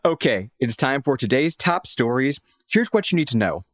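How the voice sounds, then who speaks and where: A man's voice: mid-range voice, moderate pace, no echo, studio quality. A man co-hosting a news podcast, mixing wry casual banter with scripted news reading. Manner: lively, wry, expressive delivery.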